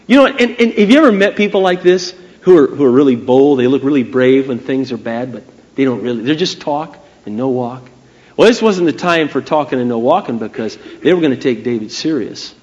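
A male preacher delivers a sermon in a high voice with wide, lively swings in pitch. He tells the story with animation and speaks straight to his listeners. The recording is dull and lo-fi. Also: brisk.

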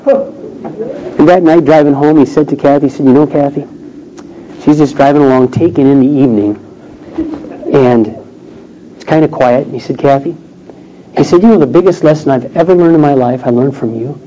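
A middle-aged man tells a family story from the pulpit, voicing the people he quotes as he goes. His voice sits a little high and mellow. The recording is dull and lo-fi, with faint noise behind it. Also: fairly quick. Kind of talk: sermon storytelling.

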